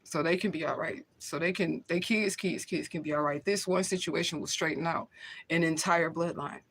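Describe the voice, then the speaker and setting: A woman's voice: deep voice, fairly quick, breathy edge. Emotional, profane woman livestreaming. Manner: emotional, blunt and profane, with frequent laughs. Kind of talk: casual livestream talk to camera.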